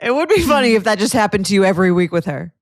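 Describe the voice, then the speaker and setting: A woman's voice: medium pitch, big pitch swings, very fast, no room sound. Female co-host, mid-range voice, playful reactions, close dry studio sound. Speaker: podcast co-host. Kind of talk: casual chat, reacting and teasing.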